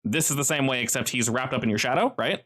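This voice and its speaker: Animated game master man. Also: mid-range voice, fast talker. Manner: explanatory, laughs often. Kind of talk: narrating a tabletop game.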